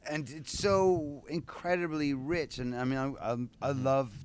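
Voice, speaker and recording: Musing man with halting speech. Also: medium pitch, fairly even intonation, a little mellow, slight background noise. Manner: musing, halting, restarts often. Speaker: voice actor guest. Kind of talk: convention interview chat.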